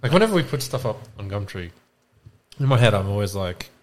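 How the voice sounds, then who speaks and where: A man's voice: on the low side, sing-song, a little fast. A young man, a podcast co-host, chatting casually and chiming in with short replies. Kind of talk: casual chat.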